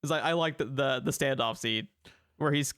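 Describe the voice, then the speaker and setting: A man's voice: medium pitch, normal speed, a bit bright, clean tone, no echo, clean studio sound. A man co-hosting a film review podcast, rambling in casual chat, laughing often and swearing freely. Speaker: podcast co-host.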